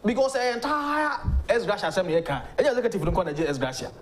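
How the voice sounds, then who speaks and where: A man's voice: high voice, sing-song, fast talker, a bit bright, a little hiss or hum. A man with a Ghanaian accent, a lawyer arguing his points emphatically as a guest on a political talk show. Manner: emphatic, argumentative. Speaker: legal practitioner guest.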